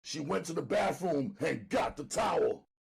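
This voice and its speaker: A man narrating an audiobook dramatically, loud and emphatic, often near shouting. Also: a little high, lively intonation, moderate pace, creaky.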